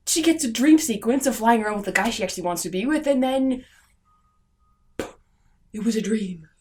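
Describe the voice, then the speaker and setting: A young woman vlogger ranting sarcastically and in exasperation about a film, swinging from loud outbursts to low muttering. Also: lively intonation, moderate pace, a little hiss or hum.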